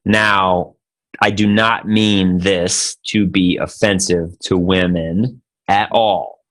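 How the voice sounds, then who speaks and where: A man hosting a podcast with his buddy, his voice sitting low. He talks casually and tells a joke in a loose, laid-back way. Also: steady tone, slow, fairly bright tone. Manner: joking, laid-back storyteller. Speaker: podcast co-host.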